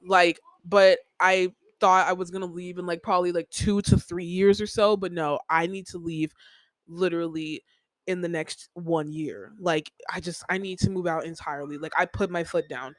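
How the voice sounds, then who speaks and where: A woman's voice: fairly low pitch, fairly even intonation, normal speed, no room sound, rough recording. Young woman, podcast host, casual rambling talk, full of fillers, dry close sound. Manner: venting, heavy use of "like" fillers, repeats herself. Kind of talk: casual personal monologue.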